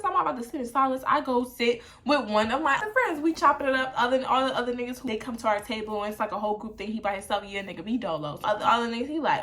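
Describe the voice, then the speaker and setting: A woman's voice: medium pitch, fast, fairly bright tone. A young woman chatting through a storytime while getting ready on camera, slangy and laughing along. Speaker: vlogger.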